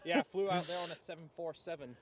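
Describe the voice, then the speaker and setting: Fast-talking young man chatting. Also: fairly high pitch, fairly even intonation, a crowd in the background. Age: 20s. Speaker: guest on a live stream. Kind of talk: casual chat.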